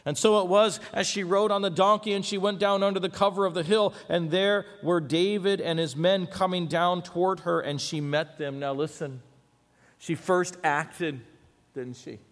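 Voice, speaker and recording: A man preaching a sermon, reading scripture aloud with asides and swinging dramatically between loud and hushed. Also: sits high, fairly even intonation, moderate pace. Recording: long hall reverb.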